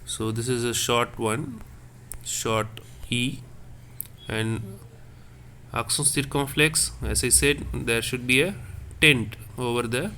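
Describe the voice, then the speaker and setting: A man teaching a French class online, explaining slowly and correcting himself as he repeats words. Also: medium pitch, bright, forceful tone, a little hiss or hum. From India. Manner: slow, repetitive explaining with self-corrections.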